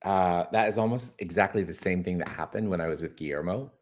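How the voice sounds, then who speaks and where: A man with a fairly low voice guides listeners through a spiritual exercise. He talks expressively and draws out key words slowly. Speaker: course guide.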